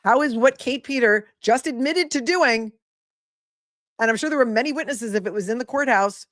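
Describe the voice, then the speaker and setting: A woman's voice: fairly high pitch, moderate pace, a bit bright, no echo. Sarcastic woman commentator, dry sound. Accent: Boston. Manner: sarcastic, incredulous, rhetorical questions. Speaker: host. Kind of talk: commentary on a court hearing.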